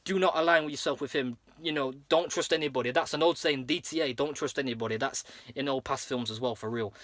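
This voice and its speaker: A man's voice: medium pitch, quick pace, a bit bright, no echo. A man casually recapping a cartoon episode plot, rambling with lots of fillers and restarts. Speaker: episode reviewer.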